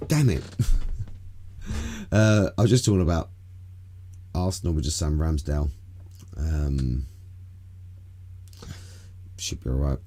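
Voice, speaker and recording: A man's voice: extremely low pitch, slow pace, pauses often, warm tone. A man hosting a casual live stream, rambling loosely from topic to topic and swearing freely. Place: home room.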